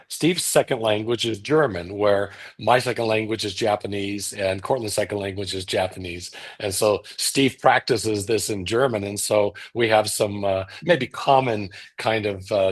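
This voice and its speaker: A man's voice: on the low side, fairly even intonation, normal speed, hardly any pauses. A man co-hosting a pronunciation lesson, friendly and teasing, explaining things straight to viewers. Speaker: co-host. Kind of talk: casual explanatory chat.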